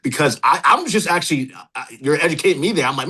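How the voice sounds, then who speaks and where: A man's voice: a little high, lively intonation, fast talker, pushed and bright, slightly rough. A man hosting a podcast, enthusiastic and a bit repetitive as he praises his guest. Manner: enthusiastic, repeats himself while praising. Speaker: podcast host. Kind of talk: casual interview chat.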